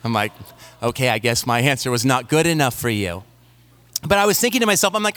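A man in his thirties preaching a sermon, moving from slow scripture reading into a relaxed story about his young daughter. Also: mid-range voice, no echo. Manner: reads scripture slowly, then tells a family story conversationally. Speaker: pastor.

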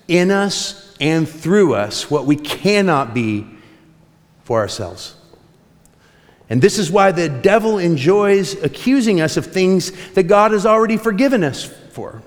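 A man preaching a sermon with passion, stretching out key words for emphasis, as pastor of his congregation. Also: fairly high pitch. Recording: long hall reverb.

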